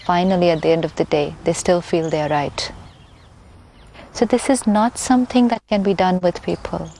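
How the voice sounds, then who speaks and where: A woman, a spiritual teacher explaining her ideas calmly and patiently, repeating key points for emphasis. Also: fairly low pitch, normal speed, vocal fry, slight background noise. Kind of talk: calm explanatory talk.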